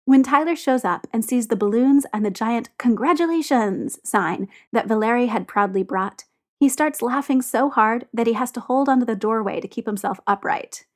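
A woman's voice: fairly high pitch, moderate pace. Woman reading a story aloud. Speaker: audiobook narrator.

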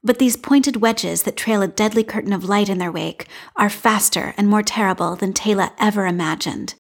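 A woman reading a fan fiction story aloud in a calm, measured narration. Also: mid-range voice, vocal fry, slightly rough. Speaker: reader.

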